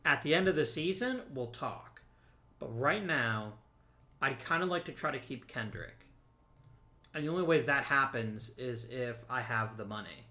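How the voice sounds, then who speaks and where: A man records casual let's play commentary in a bright, forceful voice. He jokes as he goes and talks straight to the viewers and the players in the game. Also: mid-range voice. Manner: chatty and joking, talks to the viewers and to the players on screen.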